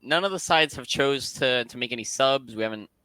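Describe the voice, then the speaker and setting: A man's voice: mid-range voice, brisk, sharp tone, clean tone, dry recording. A man co-commentating a live esports match, rambling and stammering with hype, his voice wearing out. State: losing his voice.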